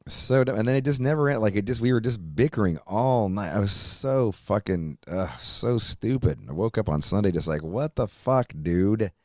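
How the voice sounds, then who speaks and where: A middle-aged man hosting a podcast, rambling through a profane, animated monologue. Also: on the low side, moderate pace, few pauses, no echo, studio quality. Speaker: podcast host. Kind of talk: casual chat.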